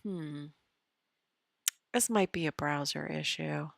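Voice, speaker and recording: A woman's voice: sits low, takes it slowly, creaky, dry recording, clean studio sound. A woman hosting an astrology live stream, chatting casually and muttering half-whispered asides to herself while she fixes her screen sharing. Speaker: astrology show host.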